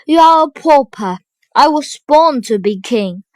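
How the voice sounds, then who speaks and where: A woman's voice: fairly high pitch, slow, no echo. A woman voicing a hot-tempered young boy prince in a storybook, with indignant, commanding outbursts.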